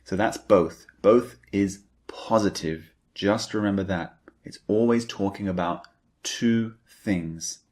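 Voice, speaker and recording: A man's voice: fairly low pitch, slow, darkish tone. A man teaching an English grammar lesson, who repeats key points and stresses the target words. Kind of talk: slow, deliberate grammar lecture.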